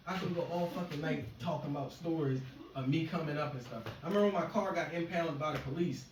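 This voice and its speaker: A man's voice: high voice, a bit bright. A man doing casual stand-up, telling rambling, profane stories to a small crowd. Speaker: stand-up comedian. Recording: echoey room, far mic, noisy.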